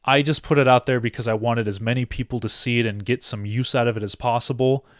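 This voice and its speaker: A man's voice: mid-range voice, fairly even intonation, quick pace, no room sound, studio quality. Earnest young man on a live stream. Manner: earnest and heartfelt, with many restarts. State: emotional. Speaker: sports content creator hosting a live stream. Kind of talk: casual live-stream talk to viewers.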